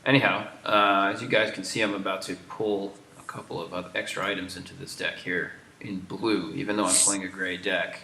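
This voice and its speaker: A man's voice: low-pitched, steady tone, brisk, hardly any pauses, pushed and bright, roomy sound, a little hiss or hum. An American man hosting a game livestream, teasing his co-host and explaining the game's features. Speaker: game developer hosting a stream. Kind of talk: casual livestream chat.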